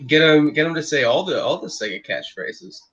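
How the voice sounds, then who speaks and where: A man's voice: a little high, lively intonation, a little fast, fairly bright tone, dull audio. A man co-hosting a casual podcast chat, laid-back, laughing often and swearing freely. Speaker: podcast co-host.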